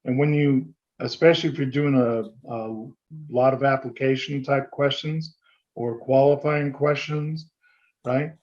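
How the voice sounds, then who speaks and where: A man giving a fast-paced, conversational business training presentation at a chamber meeting, sometimes acting out sample phone dialogue. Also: medium pitch, steady tone, a little mellow, lo-fi sound. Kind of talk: seminar presentation.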